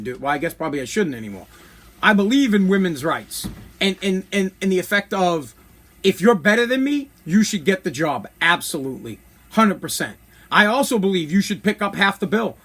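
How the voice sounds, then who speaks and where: Thirtysomething guy on a podcast, high voice, brash and blunt, rambles a lot. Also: fairly bright tone. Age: 30s. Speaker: podcast host. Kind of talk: casual comedic rant.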